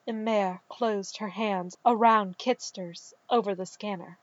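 Calm woman narrator, slow measured reading, dull dry recording. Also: medium pitch, no room sound. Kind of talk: scripted narration.

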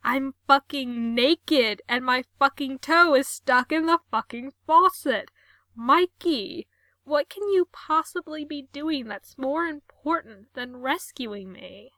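Woman reading a panicked swearing man, bright and sharp-edged, pleading. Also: high-pitched, slow, dry recording, heavily acted. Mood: frantic. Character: frantic naked man stuck in a bath.

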